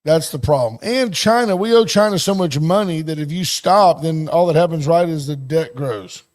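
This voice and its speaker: A man's voice: fairly high pitch, normal speed, darkish tone. A man co-hosting a talk radio show, trading blunt, opinionated remarks in casual banter.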